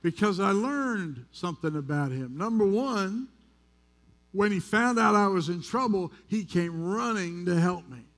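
Male pastor from the US, high-pitched, candid, conversational sermon delivery in a church. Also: lively intonation, measured pace, a bit bright. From United States. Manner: conversational storytelling, candid and self-deprecating. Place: church sanctuary.

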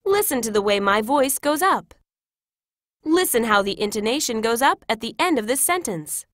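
A woman reading classroom English phrases one by one in a clear, measured teaching voice. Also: a little high, expressive, fairly bright tone, no echo, studio quality. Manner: clear, measured, each phrase read separately. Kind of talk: scripted read-aloud of classroom phrases.

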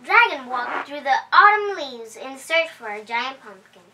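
A woman hosting a storytime, reading a children's picture book aloud at home in a cheerful, unhurried way. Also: high-pitched, very animated, pushed and bright. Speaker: storytime host. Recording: voice heard from a distance.

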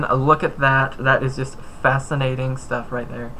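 A man narrates his own game session in a bright, crisp voice at an ordinary middle pitch. He rambles excitably, tossing in whoops and silly asides. There is faint noise behind him. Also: measured pace, rough recording. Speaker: gaming YouTuber. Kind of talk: let's-play commentary.

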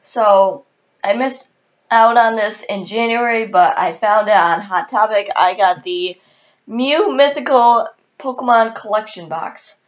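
A woman's voice: medium pitch, measured pace, highs cut off. Chatty woman vlogger with hiccups. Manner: chatty and excitable, many ums and sos. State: has the hiccups. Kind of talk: casual haul video chat.

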